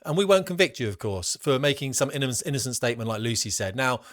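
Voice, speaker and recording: Fast-talking blunt British man. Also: mid-range voice, expressive, fairly bright tone, no room sound, studio quality. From Britain. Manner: blunt, emphatic, slangy. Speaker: commentary vlogger. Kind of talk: opinionated commentary.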